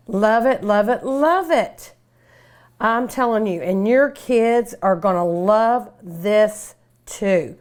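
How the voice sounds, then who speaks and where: A woman's voice: mid-range voice, lively intonation, slow, darkish tone. An older woman hosting a cooking show, chatting and gushing enthusiastically while she eats. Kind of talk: casual cooking show talk.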